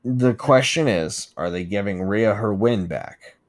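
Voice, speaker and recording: A man co-hosting a podcast, chatting casually and profanely about wrestling, laughing and riffing on jokes. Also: fairly low pitch. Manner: excitable, profane, quick to laugh and riff. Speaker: podcast co-host. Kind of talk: casual wrestling recap chat.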